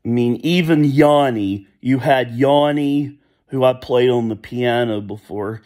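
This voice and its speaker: A man in his thirties talks in an unhurried, medium-pitched voice with a dark tone. It's a casual, opinionated vlog monologue that rambles with nostalgia, punctuated by bits of old songs he hums and sings.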